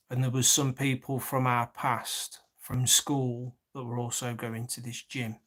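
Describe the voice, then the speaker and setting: A man telling a long personal story in an agitated, repetitive rant, swearing often. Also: medium pitch. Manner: agitated, swears heavily, repeats himself.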